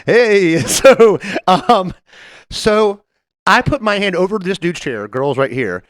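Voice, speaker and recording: A man co-hosting a podcast, telling a story in casual chat, animated and laughing often as he acts out the people in it. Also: high voice, takes it slowly, no room sound, studio quality. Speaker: podcast co-host.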